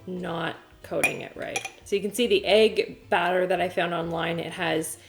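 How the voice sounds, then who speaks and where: A woman's voice: lowish voice, fairly even intonation, normal speed, gravelly, over music. Chatty self-mocking woman vlogging in her kitchen. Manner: chatty, self-mocking, talks to herself while cooking. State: pregnant. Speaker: cooking vlogger. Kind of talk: casual chat to camera. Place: home kitchen. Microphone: camera on a stand.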